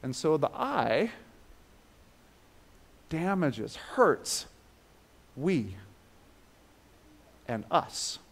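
A man's voice: sing-song, very slow, vocal fry, long pauses. A man preaching a sermon with emphatic swells and drops in his voice, then leading the listeners through a guided breathing exercise. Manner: emphatic, rising and falling in pitch and loudness.

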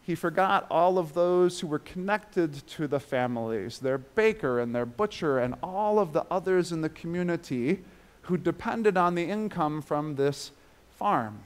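A man's voice: lively intonation, measured pace, smooth. A man preaching a sermon with emphatic swells and drops in his voice, then leading the listeners through a guided breathing exercise. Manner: emphatic, rising and falling in pitch and loudness.

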